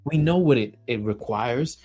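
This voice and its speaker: A man's voice: medium pitch, moderate pace, a little mellow, soft background music. A man hosting a solo podcast, blunt and emphatic, swearing often and repeating himself for effect. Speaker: podcast host.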